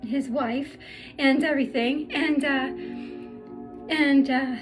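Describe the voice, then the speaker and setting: A woman with a high voice shares a painful personal story, her words stumbling and restarting as tears come through. She sounds middle-aged, and faint music plays quietly behind her. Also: fairly even intonation. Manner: halting, emotional, many restarts. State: tearful. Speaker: spiritual healer telling her life story.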